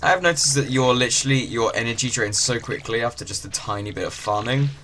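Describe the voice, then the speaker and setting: A man's voice: medium pitch, fast talker, pushed and bright. A man giving casual, rambling commentary on a farming game, full of fillers. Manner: chatty, rambling, with many fillers. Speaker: gaming channel host. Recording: game ocean noise behind.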